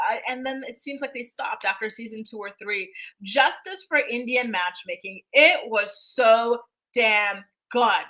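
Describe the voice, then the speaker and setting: A chatty young woman hosts a casual livestream, her voice bright and a touch high. She talks with dramatic flair and reads viewer comments aloud between her own asides. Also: lively intonation, unhurried, low-quality recording. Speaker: host.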